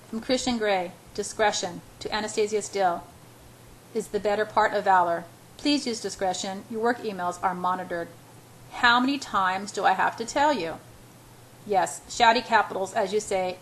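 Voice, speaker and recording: A woman's voice: medium pitch, a little hiss or hum, poor audio. A woman reading a first-person novel aloud in a casual, unpolished way, with restarts and self-corrections. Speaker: amateur audiobook reader.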